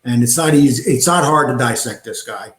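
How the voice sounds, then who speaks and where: A man's voice: mid-range voice, brisk, fairly bright tone. A man hosting reaction commentary in a scornful, dismissive way. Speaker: commentary channel host. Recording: echoey room.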